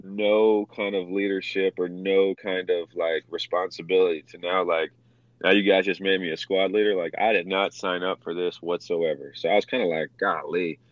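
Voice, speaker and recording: A young man with a low, deep voice recounts his service in loose, profane, animated talk, acting out what others said. The sound is dry and slightly dull, as if from a modest podcast mic. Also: moderate pace, no echo. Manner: animated, acts out quotes with swearing. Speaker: veteran guest telling war stories. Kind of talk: casual storytelling, profane.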